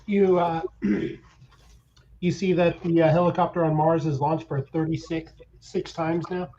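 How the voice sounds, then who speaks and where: Higher-voiced, mellow man on lo-fi mic. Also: little pitch movement, a little slow. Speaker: podcast co-host. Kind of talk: casual political chat. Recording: dull lo-fi sound with faint hiss.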